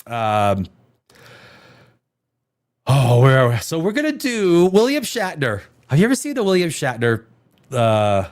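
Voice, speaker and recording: A man's voice: mid-range voice, wildly swooping pitch, measured pace, long pauses. A middle-aged man hosting a casual talk show, rambling, restarting his sentences and swearing casually. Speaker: podcast host. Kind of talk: casual chat.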